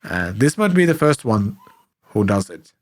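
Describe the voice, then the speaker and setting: Hoarse man co-hosting a podcast. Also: mid-range voice, very animated, unhurried. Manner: hesitant, with frequent fillers. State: hoarse, sick with flu. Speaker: podcast co-host. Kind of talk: casual chat.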